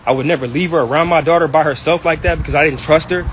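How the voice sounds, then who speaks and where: A young man with a high voice rattles through an angry, wounded rant, piling up slang and going back over the same points. He talks fast and is recorded outdoors, with faint street traffic behind him. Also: steady tone, poor audio. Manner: angry, hurt, repetitive, slangy. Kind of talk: heated personal rant.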